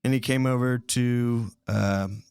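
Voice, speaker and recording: A man's voice: mid-range voice, fairly even intonation, slow, darkish tone, clear, resonant tone, no echo. Male co-host, casual rambling storyteller, resonant and dry. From Indiana. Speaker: podcast co-host telling a history story. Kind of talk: casual chat.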